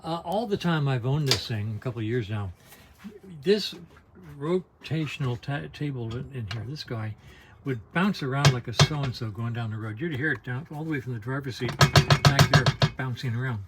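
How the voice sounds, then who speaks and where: A man's voice: medium pitch, normal speed, very noisy. An older man talking casually to his camera inside an RV, folksy and digressive, with wry asides and frequent restarts. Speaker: vlogger on an RV trip. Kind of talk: casual rambling vlog. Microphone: handheld camera.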